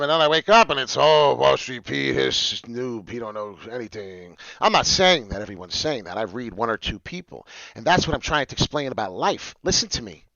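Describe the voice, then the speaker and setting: A man hosting a casual crypto chart video, excitable and prone to loud rants. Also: medium pitch, no room sound. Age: adult with a young child. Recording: dull lo-fi audio.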